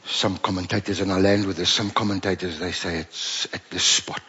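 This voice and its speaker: A male pastor with a South African accent preaching a sermon, moving between joking banter and quiet, drawn-out emphasis. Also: deep voice, steady tone, husky, highs cut off. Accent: South African English. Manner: swings from playful banter to hushed, slow emphasis.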